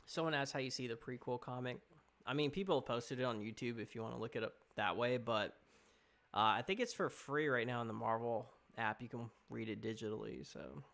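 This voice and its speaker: A young man talks loosely on his live stream. He rambles and reacts to chat comments as they come in. His pitch is right in the middle for a man. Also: fairly quick, gravelly, a bit bright. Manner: chatty, rambling, reading chat aloud.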